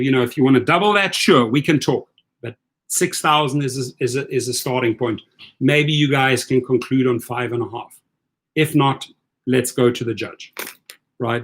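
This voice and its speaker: A middle-aged man with a South African accent hosts a livestream chat, coaching his listeners in an energetic way and often repeating himself. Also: mid-range voice. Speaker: host. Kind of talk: livestream chat giving advice.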